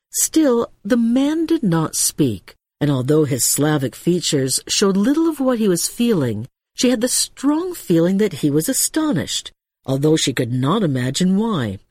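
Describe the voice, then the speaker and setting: A woman narrating a novel as a scripted audiobook reading, with expressive storytelling. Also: lowish voice, dry recording, clean studio sound.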